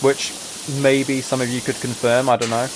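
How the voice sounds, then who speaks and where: A young British man hosting a relaxed livestream, chatting casually and rambling as he answers his chat. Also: mid-range voice, normal speed. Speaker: livestream host. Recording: steady hiss of spraying water behind.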